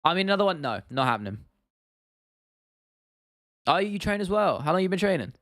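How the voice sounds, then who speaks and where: A man's voice: high voice, brisk, dry recording, clean studio sound. Chatty man on a livestream. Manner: relaxed, chatty, answers chat questions with laughs. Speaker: livestream host. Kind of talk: casual livestream chat.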